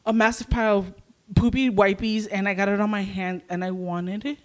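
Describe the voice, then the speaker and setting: Animated young woman telling a story. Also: mid-range voice, moderate pace. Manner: animated, acts out panicked shouts. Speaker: podcast co-host. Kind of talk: casual storytelling chat.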